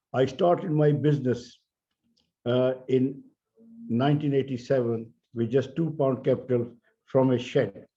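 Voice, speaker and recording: An older man with an Indian English accent giving an earnest, measured conference speech, stressing key words. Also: mid-range voice, fairly even intonation, mellow. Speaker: keynote speaker. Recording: dull lo-fi audio.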